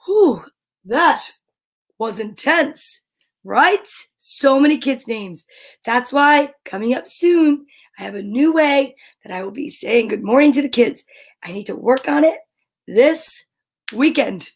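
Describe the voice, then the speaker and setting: Animated high-voiced New Jersey woman. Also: slow pace, rough recording. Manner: animated, playful, sing-song greetings. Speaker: children's show host. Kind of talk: cheerful live-stream chat for kids.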